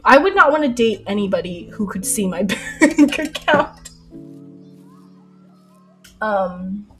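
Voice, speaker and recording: A young adult woman streaming while she paints, chatting casually, laughing often and telling stories animatedly. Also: medium pitch. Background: soft lo-fi music.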